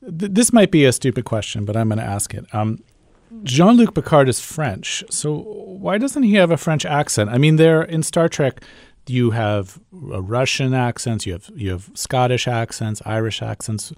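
A man's voice: medium pitch, lively intonation, normal speed, darkish tone, dry recording. Guy interviewing someone, curious, bit hesitant, dry close mic. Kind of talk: interview questions.

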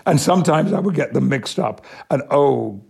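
An older man from Yorkshire, an actor, telling measured, thoughtful anecdotes in an interview. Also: medium pitch, lively intonation, gravelly, a little mellow, breathy edge. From Yorkshire, England. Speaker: actor, guest. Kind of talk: reflective interview storytelling.

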